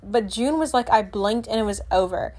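A woman's voice: fairly high pitch, moderate pace, a little mellow. Chatty teenage girl, lots of "like". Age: teens. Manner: rambling, chatty, filler-heavy with lots of "like"; self-correcting, trails off and restarts. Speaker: vlogger. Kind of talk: casual chat to camera.

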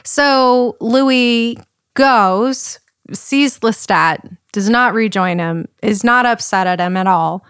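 A woman's voice: fairly high pitch, slow, a bit bright, smooth, no echo, clean studio sound. A young woman co-hosting a podcast, chatting casually and laughing often as she recounts a story's plot. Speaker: podcast co-host. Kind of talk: casual chat.

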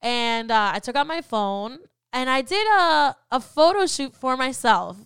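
A woman's voice: sits high, animated, unhurried, a bit bright, clear, resonant tone, no room sound, studio quality. A woman co-hosting a faith podcast, talking in an earnest, encouraging way with lots of "um" and "like". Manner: earnest, encouraging, many "um" and "like" fillers. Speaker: podcast co-host. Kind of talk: personal faith podcast talk.

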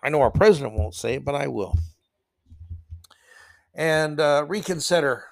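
A man hosting a solo opinion podcast, sarcastic and mocking, swinging from low mutters to loud jabs. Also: expressive, normal speed, vocal fry, no echo. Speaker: podcast host.

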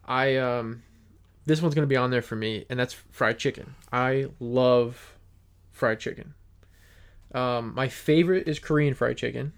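A man's voice: mid-range voice, measured pace. A man hosting a podcast in casual chat, telling stories in a rambling way with restarts. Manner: rambling storyteller with many restarts. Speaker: podcast host.

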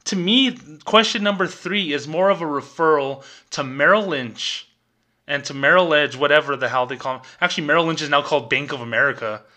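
A middle-aged man talks on his podcast in a sarcastic, exasperated rant, picking apart stiff corporate language. His voice has a bright, forceful edge, and he keeps a mocking tone throughout. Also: a little high, fairly quick. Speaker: podcast host, former bank employee. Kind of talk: ranting commentary.

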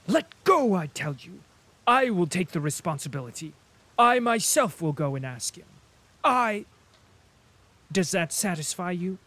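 An aging nobleman near sixty who scolds with reproach and sinks into tired sincerity, as a male narrator voices him. His words come slowly and deliberately. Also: sits high, sing-song, breathy edge, pitched above the performer's own voice, full character voice. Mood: angry. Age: older. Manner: reproachful, commanding, later weak and sincere. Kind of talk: audiobook character reading.

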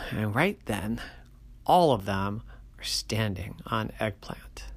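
Slow gravelly bedtime storyteller. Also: medium pitch, animated, a bit bright. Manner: playful, sing-song storytelling with whispered asides.

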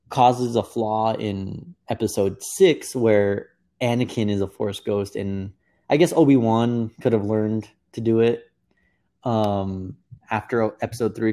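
A young man casually recapping an episode for a co-host. His voice sits low and runs on loosely, with frequent restarts and fillers. It sounds like relaxed podcast chat. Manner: rambling retelling with many fillers and restarts.

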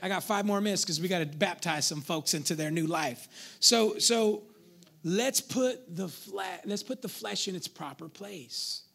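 High-voiced pastor preaching playfully. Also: male voice, a little slow, gravelly, fairly bright tone. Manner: conversational, playful preaching with call-outs to the congregation. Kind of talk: sermon.

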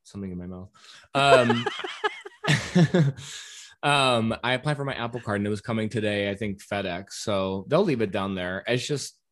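A man's voice: on the low side, moderate pace, pauses often, fairly bright tone. Rambling, casual man in New York apartment. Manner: rambling, swears casually, trails off with ums. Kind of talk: casual chat.

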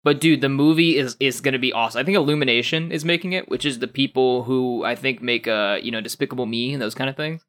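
A young man co-hosting a casual gaming podcast, animated and laughing often, with lots of fillers and restarts. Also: mid-range voice, quick pace, few pauses. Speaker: podcast co-host.

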